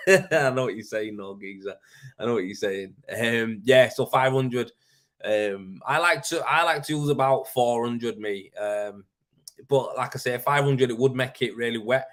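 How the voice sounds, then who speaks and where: Chatty man on a live stream. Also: mid-range voice. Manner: chatty and rambling, full of fillers like mate and man. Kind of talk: casual live-stream chat answering viewer comments.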